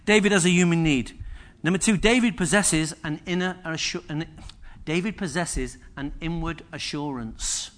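Guy preaching a sermon, jokey and chatty with the crowd, high bright voice. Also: moderate pace, few pauses, slight background noise. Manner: humorous, conversational preaching with repetition and asides to the congregation. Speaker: pastor. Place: church service.

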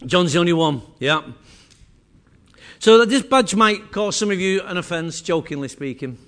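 Mancunian man with a high voice, talking to a small room, casual and teasing. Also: animated, moderate pace, a bit bright. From Manchester, England. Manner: chatty, teasing, addresses audience directly. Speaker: presenter. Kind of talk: jokey live presentation to a room. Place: meeting room with small audience.

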